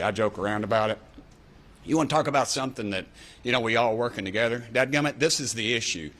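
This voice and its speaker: A man's voice: on the low side, fairly bright tone, a little hiss or hum. A man with an East Tennessee accent giving a folksy, exasperated rant at a press conference. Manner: folksy, exasperated, says dadgummit. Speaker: congressman giving a press speech.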